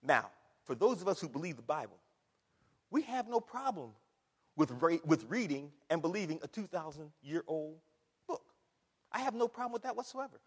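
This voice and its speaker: A man's voice: a little high, sing-song, normal speed, long pauses, slightly rough. A man preaching a sermon from the pulpit, emphatic, repeating words and firing rhetorical questions at the congregation. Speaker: pastor. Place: church sanctuary. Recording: long hall reverb.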